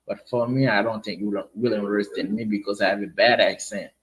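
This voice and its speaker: A man's voice: fairly low pitch, fairly even intonation, a little fast. A man from Haiti with a Haitian accent, talking hesitantly and apologetically in a casual online debate, often repeating his words. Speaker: participant in online discussion. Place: online voice chat room.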